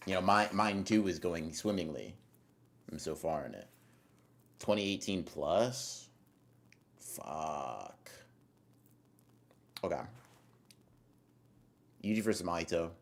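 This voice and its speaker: A man streaming live, reading chat aloud and answering in a laid-back, slangy, rambling way, swearing casually now and then. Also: low-pitched.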